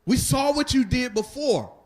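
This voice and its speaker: A man's voice: extremely high pitch, expressive, normal speed. Conversational man teaching scripture. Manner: conversational, asks the listeners rhetorical questions. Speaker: Bible teacher. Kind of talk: Bible study teaching.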